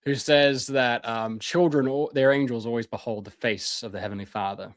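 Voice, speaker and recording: A man's voice: mid-range voice, fairly even intonation, normal speed. A man giving a live-stream lecture in an impassioned, sarcastic way, with many fillers and restarts.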